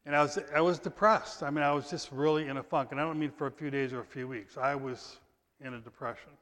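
A man preaching a sermon in a conversational way, reading scripture loudly and emphatically, then dropping to quiet asides. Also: mid-range voice, steady tone, fast. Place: church sanctuary. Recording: long church reverb.

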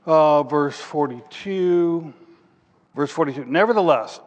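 A man's voice: on the high side, unhurried, highs cut off. A man preaching a sermon who reads scripture aloud, then explains it plainly and hunts aloud for passages as he thinks. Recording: long reverb of a large hall.

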